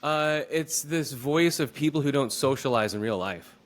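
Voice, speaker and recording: A man's voice: medium pitch, lively intonation, moderate pace. A man talking casually as a podcast guest, laid-back, now and then mocking other people's voices. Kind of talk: casual chat.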